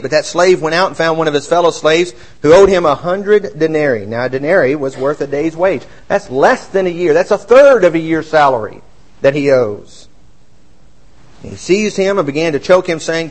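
High-voiced male preacher. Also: moderate pace, poor audio. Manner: expressive, swings between raised emphasis and quiet low asides. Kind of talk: sermon.

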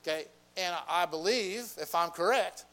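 A man's voice: high-pitched, moderate pace, a bit bright, poor audio. A man teaching a Bible class, asking the group questions and repeating their answers, with a frequent "okay".

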